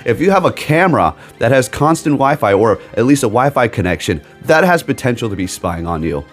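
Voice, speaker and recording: A man's voice: mid-range voice, sing-song, a little fast, soft background music. A man on a gaming video channel, rambling emphatically in a casual rant with sarcastic asides. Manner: rambling, emphatic, keeps tagging "okay?". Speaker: gaming YouTuber.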